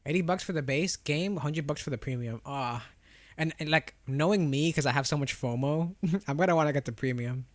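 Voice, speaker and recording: A man's voice: fairly high pitch, a little fast, no room sound. A young adult man streaming, chatting casually with his viewers in a rambling way with lots of restarts. He has a slight lisp on R and W sounds. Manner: chatty, rambling, answers chat with frequent restarts and laughs. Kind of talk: casual live-stream chat.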